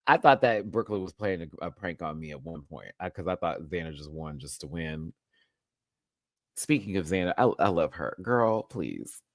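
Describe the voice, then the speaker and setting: A man hosting a casual live review, campy and sassy, laughing often and swinging his pitch wildly. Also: lively intonation, moderate pace, dry recording, clean studio sound. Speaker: show host, reality TV reviewer.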